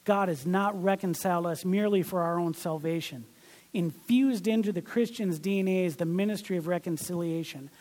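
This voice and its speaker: A man in his forties delivers a sermon in a warm, mellow voice, bringing his stories to life with short acted-out exchanges. The sound carries a long reverb from a large hall. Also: high-pitched, a little fast. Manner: animated storytelling, acts out little dialogues. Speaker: pastor.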